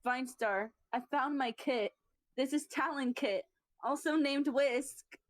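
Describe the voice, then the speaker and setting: A woman voicing a fierce, grieving mother cat in a roleplay, firm and steady. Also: high-pitched, slow, dry recording. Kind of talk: voice-acted roleplay.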